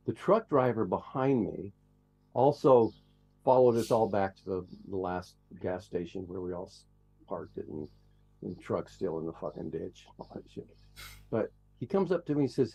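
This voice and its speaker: Male truck driver guest, mellow tone, profane rambling storyteller. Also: fairly low pitch. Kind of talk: casual storytelling.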